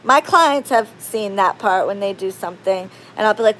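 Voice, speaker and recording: A woman chatting casually to her viewers, rambling and expressive, going from loud outbursts to low murmurs. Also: a little fast, few pauses, a little hiss or hum. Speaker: spiritual practitioner and channel host. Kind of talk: casual chat to camera.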